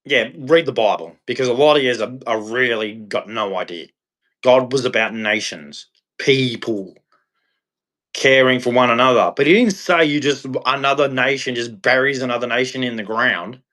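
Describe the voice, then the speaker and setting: A man's voice: mid-range voice, moderate pace, bright, forceful tone. An Australian man ranting on a livestream in a blunt, scolding, preachy way. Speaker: livestream host. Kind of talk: livestream rant.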